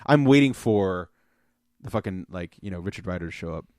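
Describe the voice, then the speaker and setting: Male podcast host, low voice, dry mic; excitable rambler, swears freely. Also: a little fast, no room sound. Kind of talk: casual chat.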